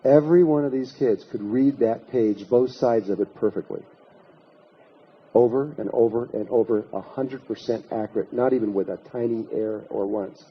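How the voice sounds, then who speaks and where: A man's voice: medium pitch, normal speed, dull audio, a little hiss or hum. A man giving a spiritual lecture, telling a long anecdote in a rambling way, with many restarts and repetitions. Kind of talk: storytelling lecture to an audience.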